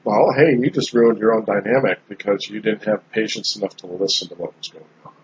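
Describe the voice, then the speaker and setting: A man's voice: on the low side, fairly quick. Guy rambling casually on a podcast, lots of restarts, faint hiss behind. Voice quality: relaxed, rambling with many restarts. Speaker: podcast host. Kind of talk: casual chat. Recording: slightly dull lo-fi sound with faint background noise.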